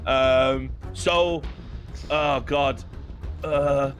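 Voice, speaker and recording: A man's voice: mid-range voice, fairly even intonation, drawn-out words, faint music behind. A man on an esports desk rambling through trivia on a headset, self-mocking and hesitant. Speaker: esports co-caster. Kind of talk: casual desk banter. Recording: game gunfire heard behind the voice.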